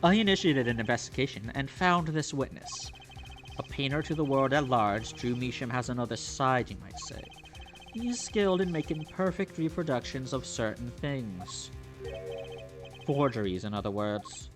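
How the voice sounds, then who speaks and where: A man voicing a smug, scheming male prosecutor in a video game, speaking slowly and condescendingly. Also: mid-range voice, expressive, faint music behind, close to an everyday voice. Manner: slow, drawn-out, condescending. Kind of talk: reading game dialogue aloud.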